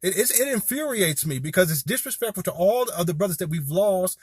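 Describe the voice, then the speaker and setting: A man in his forties from Southern California speaks straight to his viewers in a fired-up, rambling monologue and keeps calling them "y'all". His voice sits fairly high and has a husky grain. The recording is close and dry. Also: expressive, fairly quick, no room sound. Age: 40s. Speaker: video commentator. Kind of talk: impassioned direct-to-camera commentary.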